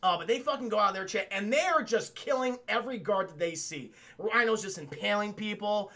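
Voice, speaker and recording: A man's voice: high-pitched, brisk, bright, forceful tone. A man giving a profane, rambling casual recap of a cartoon episode on a live stream, talking to his chat.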